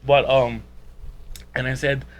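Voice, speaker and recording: A man co-hosting a casual podcast, telling animated anecdotes about friends. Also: mid-range voice, takes it slowly, a little hiss or hum, rough recording. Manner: animated storyteller, does voices for friends. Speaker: podcast co-host.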